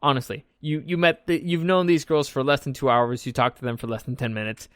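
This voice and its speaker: A man's voice: mid-range voice, fairly even intonation, a little fast, fairly bright tone, no echo, clean studio sound. A young man casually recapping an event in a loose, joking way, swearing freely as he tells the story. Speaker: vlog host recapping an event.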